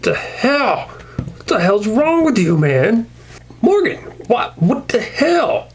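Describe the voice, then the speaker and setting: A shrieking, frantic toy survivor. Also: male voice, very high-pitched, big pitch swings, slow pace, a little hiss or hum, pitched above the performer's own voice, heavily acted. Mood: shrieking panic. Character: hysterical male action-figure survivor, yelling. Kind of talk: comedic toy skit.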